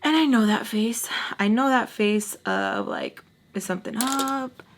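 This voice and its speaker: A young woman vlogger telling a storytime in a casual, animated way, full of fillers and acted-out quotes. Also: fairly high pitch, a little slow, slight background noise. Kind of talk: storytime vlog.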